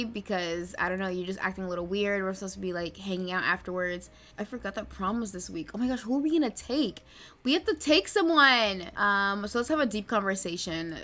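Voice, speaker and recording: A woman's voice: medium pitch, sharp tone. A woman hosting a life-sim let's play, narrating the family drama in a chatty, gossipy way. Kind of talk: casual gameplay commentary.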